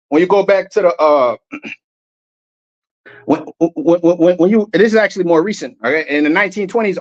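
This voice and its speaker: A street preacher preaches fiercely over video clips in a high-pitched voice, with dull audio quality. He is heated and profane, swearing freely and often stumbling as he repeats and restarts words.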